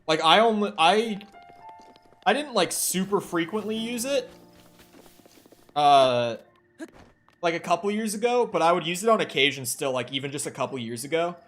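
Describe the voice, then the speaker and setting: A man's voice: high-pitched, lively intonation, moderate pace, long pauses, fairly bright tone, faint music behind. A young man from Minnesota with a Minnesotan accent, casually chatting with his stream chat while he plays, loose and offhand, swearing now and then. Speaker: game streamer.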